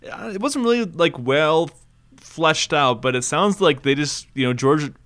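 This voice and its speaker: A man's voice: fairly high pitch, animated, a bit bright, clear, resonant tone. A man co-hosting a podcast in casual chat, playful and teasing. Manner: playful, teasing, quick to laugh. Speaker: podcast co-host.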